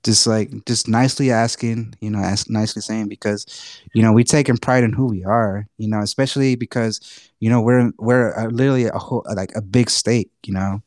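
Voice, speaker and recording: A man's voice: fairly low pitch, fairly even intonation, brisk, a little mellow, no room sound, studio quality. A man from Texas with a Texan accent, co-hosting a podcast in a laid-back, rambling way with lots of fillers. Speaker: podcast co-host. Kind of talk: casual chat.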